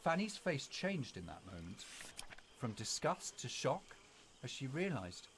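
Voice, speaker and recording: Lively man reading a spooky tale. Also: mid-range voice, a little slow, a little hiss or hum. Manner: dramatic, expressive storytelling. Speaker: storyteller. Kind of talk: reading a spooky story aloud.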